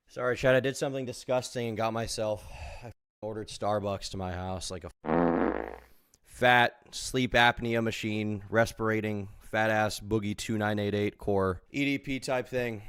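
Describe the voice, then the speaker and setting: Low-voiced man streaming, joking and crude. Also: steady tone, normal speed, a bit bright, smooth, dry recording, clean studio sound. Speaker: live streamer. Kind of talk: casual livestream chat. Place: at home.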